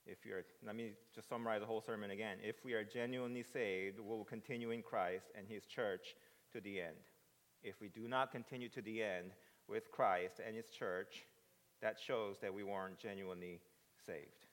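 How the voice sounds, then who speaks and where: A man preaching a sermon, moving between hushed reflection and loud, excited retelling. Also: lowish voice, moderate pace. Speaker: pastor. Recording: preached in a reverberant hall.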